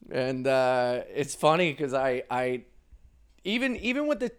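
A young man, a comedian, telling stories in a loose, profane monologue, laughing often and swinging his pitch widely. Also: huge pitch swings, takes it slowly, fairly bright tone, clean tone. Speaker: comedian podcast host. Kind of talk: casual storytelling monologue.

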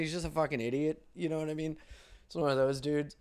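A man's voice: fairly high pitch, clear, resonant tone. A man, a comedian, telling rambling stories in a casual monologue, swearing a lot and acting out quotes. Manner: profane, rambling, quick bursts, acts out quotes. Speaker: stand-up comedian.

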